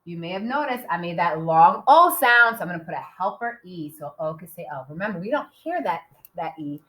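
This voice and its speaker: A woman teaching a writing lesson to young children, sounding out letters slowly and cheerfully. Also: lowish voice, animated, sharp tone, roomy sound.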